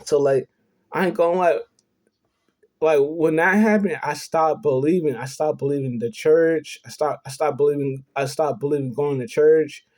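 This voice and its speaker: A man's voice: fairly high pitch, moderate pace, a little mellow. A young man telling a personal story in an earnest, confessional way, rambling and repeating himself. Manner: rambling, repeats "you know what I'm saying". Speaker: vlogger.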